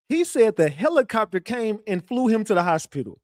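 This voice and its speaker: A man with a high voice hosts a live stream and reacts to a clip with open disbelief. He swears freely and keeps asking the chat what it thinks. His voice sounds dry and close. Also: big pitch swings, moderate pace, dry recording.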